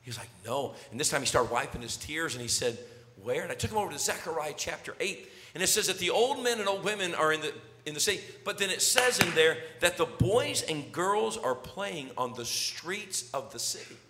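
A middle-aged man preaching a sermon, telling a story and swinging from loud calls to hushed words. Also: a little high, fairly quick. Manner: animated, swings from shouting to near whisper. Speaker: pastor. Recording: long hall reverb.

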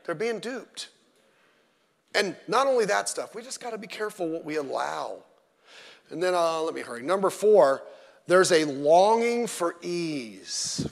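A middle-aged man preaching a sermon as pastor, animated and digressive, with joking asides. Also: fairly high pitch, creaky. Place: church sanctuary. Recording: long church-hall reverb.

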